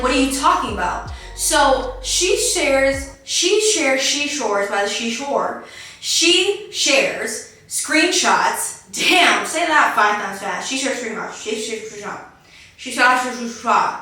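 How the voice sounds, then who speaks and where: A woman's voice: a little high, sharp tone, distant mic. Sassy woman podcaster in an echoey room. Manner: sassy, jokey, tongue-twisting asides. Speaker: podcast host. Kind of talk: casual commentary. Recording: echoey room, faint music, off-mic.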